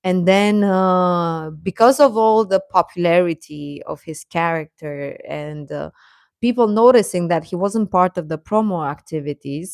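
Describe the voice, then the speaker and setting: A woman casually chatting on a live stream about K-pop, outspoken and animated, laughing between thoughts, swearing now and then, and answering viewers' comments. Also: lowish voice, dry recording, clean studio sound.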